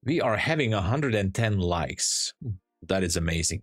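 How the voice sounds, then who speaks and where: A man from Hungary with a Hungarian accent, chatting with viewers and calmly explaining charts as a day trading streamer. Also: sits low, normal speed, husky, no room sound, clean studio sound. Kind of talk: live-stream chat and trade commentary.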